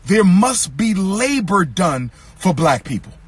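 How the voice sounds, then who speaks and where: A man giving an impassioned lecture to an audience, with a preacher-like cadence, repeating lines for emphasis and rising to shouts. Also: high-pitched, sing-song, takes it slowly, breathy edge, no room sound.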